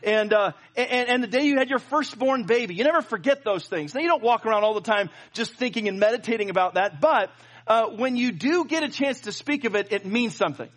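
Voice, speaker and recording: A middle-aged man preaching, his voice sitting high for a man. He tells a personal story with lots of fillers, restarts and playful asides. He keeps pulling the congregation in with him. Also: expressive, a little fast, fairly bright tone. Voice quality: plenty of filler and restarts, jokey. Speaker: pastor. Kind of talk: sermon.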